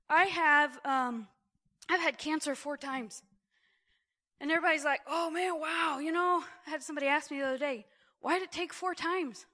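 Bright high-voiced woman preaching. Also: moderate pace. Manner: animated and exclamatory, with laughter. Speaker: church speaker. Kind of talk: testimony sermon. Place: church gathering.

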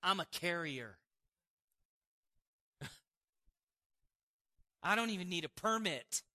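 A man preaching a sermon and telling a personal testimony, animated, with quick asides and frequent laughs. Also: high-pitched. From Montana, United States.

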